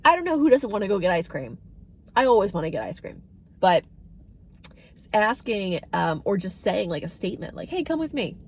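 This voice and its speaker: A woman's voice: medium pitch, animated, moderate pace, pauses often, breathy edge. A woman talking casually as a dementia care educator, chatty and lifting her voice when she acts out what people say. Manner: chatty, acts out quoted phrases in a lifted voice.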